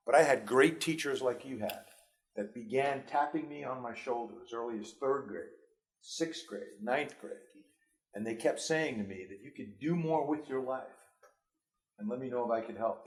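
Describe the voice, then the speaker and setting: Earnest and prone to restarts, a school superintendent in his fifties with a New York accent shares personal stories to motivate students. His voice is mid-range.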